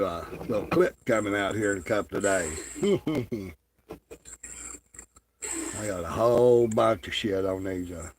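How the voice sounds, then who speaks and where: A man's voice: on the low side, vocal fry, slight background noise. A man ranting in crude, profane, mocking commentary, drawling with lots of fillers. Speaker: online commentator.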